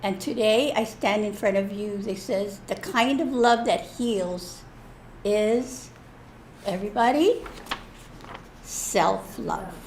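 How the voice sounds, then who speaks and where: A woman sharing a personal story at a church service in a lively, self-mocking way. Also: medium pitch, takes it slowly, a little hiss or hum. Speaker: church speaker. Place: church hall.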